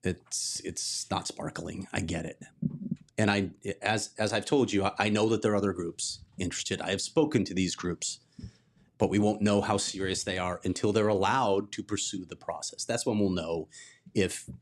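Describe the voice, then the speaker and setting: Sports reporter co-host, low voice, blunt and wry. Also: male voice, fairly even intonation, normal speed. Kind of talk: casual podcast chat.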